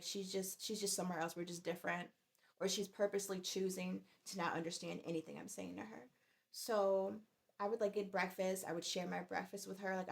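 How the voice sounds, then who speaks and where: A woman's voice: medium pitch, vocal fry. A woman in her forties telling a workplace story in a chatty, exasperated way. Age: 40s. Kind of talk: casual storytime vlog.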